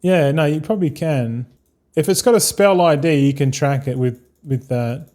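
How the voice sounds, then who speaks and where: A man's voice: on the high side, moderate pace, darkish tone. An Australian man in his thirties, streaming a game and chatting casually with viewers in a rambling, laid-back way, swearing freely. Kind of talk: casual live-stream chat.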